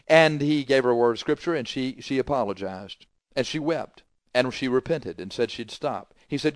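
Man, preacher, sermon, scolding and forceful, mid-pitched voice, dry close sound. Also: normal speed, no room sound. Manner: forceful, scolding, swings from loud emphasis to quiet asides.

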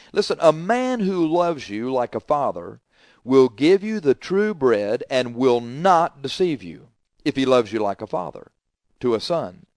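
A middle-aged man preaching a sermon, emphatic and repetitive, swinging between loud declarations and quiet asides. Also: mid-range voice, dry recording, clean studio sound.

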